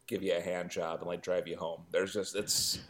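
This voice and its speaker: Deep-voiced blunt crude man. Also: little pitch movement, moderate pace, fairly bright tone. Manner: blunt, crude, mock-stern. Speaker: podcast co-host. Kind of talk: casual chat.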